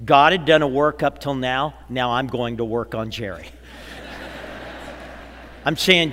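A man pastor preaching a sermon, slowing and dropping to a hush for emphasis and acting out the people he quotes. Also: medium pitch, a little hiss or hum. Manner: dramatic preaching, slows and drops to a hush for emphasis; acts out quoted people in a lively voice. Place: large church auditorium. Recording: long hall reverb, church sanctuary.

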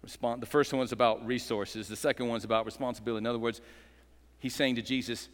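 This male pastor has a mid-range voice with fairly even intonation, and he talks fast. In a church full of echoey hall reverb, his sermon is dramatic and rousing, built on call-and-response and sprinkled with joking asides.

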